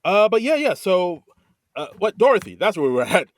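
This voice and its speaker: A man's voice: high-pitched, big pitch swings, brisk, dry recording, clean studio sound. A man co-hosting a podcast in casual chat, easygoing, with lots of fillers and short reactions. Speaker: podcast co-host.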